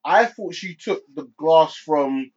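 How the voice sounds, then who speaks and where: A man's voice: fairly high pitch, lively intonation, slow, a little mellow. A man co-hosting a casual film chat, hesitant and often restarting his sentences. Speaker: podcast co-host. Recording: dull lo-fi sound.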